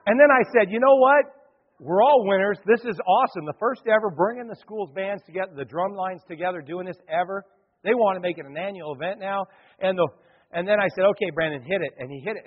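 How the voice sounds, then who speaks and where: A man preaching a sermon to a congregation, telling a story with lively acted-out crowd voices. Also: on the high side, slightly rough. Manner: animated, acts out crowd voices. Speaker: pastor. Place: church hall. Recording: dull lo-fi hall recording.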